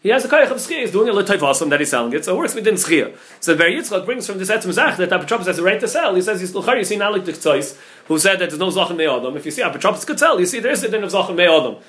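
A man, a rabbi, giving a Talmud class, talking quickly with many restarts and repeated words. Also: high voice, big pitch swings, fairly bright tone. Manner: rapid, repeats words and restarts, mixes Hebrew and Yiddish terms into English. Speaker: rabbi teaching a daily Talmud page.

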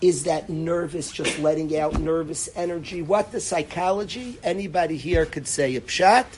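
A man's voice: on the high side, moderate pace, a little mellow, a little hiss or hum. A man, a rabbi, giving an informal lecture to a class of students, talking emphatically, repeating words and restarting as he turns to address them directly.

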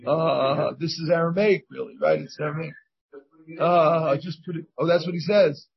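A rabbi teaching a Talmud class, reading passages and explaining them phrase by phrase with frequent restarts. His voice sits high and sounds husky. The recording is dull and lo-fi. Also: steady tone, normal speed. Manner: reads Hebrew and Aramaic text and translates it, with many restarts.

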